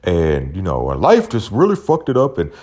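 A man's voice: low-pitched, huge pitch swings, moderate pace, darkish tone, slightly rough, full character voice. A man voicing a young man who stammers out excuses for sending his money to his mother. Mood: defensive. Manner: stammering, defensive.

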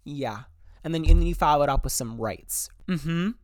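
A young adult man hosting a podcast, giving casual advice in an animated, profane, slangy way. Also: a little high, moderate pace, no room sound, clean studio sound. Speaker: podcast host.

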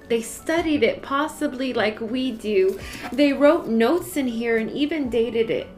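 A woman, crying as she shows old Bibles in a casual vlog, emotional and gushing, with frequent sighs. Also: a little high. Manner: emotional, tearful, sighing, gushing with joy. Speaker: Bible study channel host.

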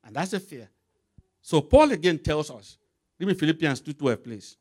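A man's voice: a little high, big pitch swings, normal speed, darkish tone. A man preaching a sermon with emphatic, rising and falling delivery, calling out scripture references for a reader to read aloud.

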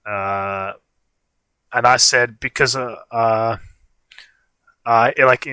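Bright-voiced young man rambling. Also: medium pitch, fairly even intonation, drawn-out words, smooth, no echo. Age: young adult. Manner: rambling storytelling with frequent fillers. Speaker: livestream co-host. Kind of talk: casual chat.

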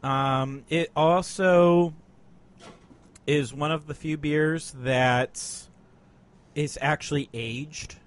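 A man's voice: fairly high pitch, fairly even intonation, extremely slow, long pauses. Rambling young man on a beer podcast. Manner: rambling, swears casually, laughs often. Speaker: podcast co-host reviewing beers. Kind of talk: casual chat.

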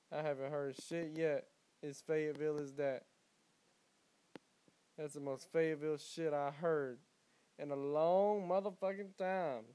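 A young man from Alabama hosting his podcast, rambling in a profane, comedic monologue with loud bursts. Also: on the high side, clean tone. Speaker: podcast host.

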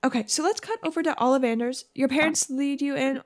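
A woman narrating as game master in a lively, chatty way. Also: high voice, quick pace.

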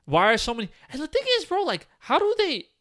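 A young man co-hosting a casual podcast, talking in an animated, emphatic way and swearing often. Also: extremely high pitch, quick pace. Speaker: podcast co-host.

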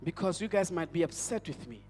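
A man's voice: fairly high pitch, expressive, fairly quick, a little mellow, a little hiss or hum. A male pastor with a South African accent, preaching a sermon as an emphatic storyteller who repeats his phrases. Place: church hall. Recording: church hall with long reverb.

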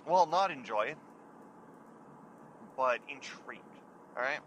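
A man's voice: mid-range voice, animated, slow, background noise. A man, hosting his own show and telling a casual story, chatty and laughing at himself now and then. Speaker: podcast host.

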